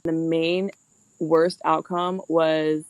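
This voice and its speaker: A young woman with a fairly low voice hosts a loose, casual chat. She is blunt, laughs often and swears freely. The sound is dry and close, with no room around it. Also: flat delivery, very slow, a little mellow, no echo. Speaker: podcast host.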